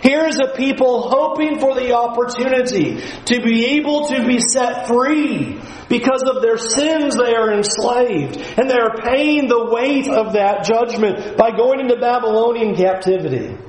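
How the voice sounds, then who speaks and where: High-voiced guy preaching a sermon, earnest and emphatic, echoey room. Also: measured pace, few pauses. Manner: earnest, emphatic preaching with sudden drops to a low, quiet voice.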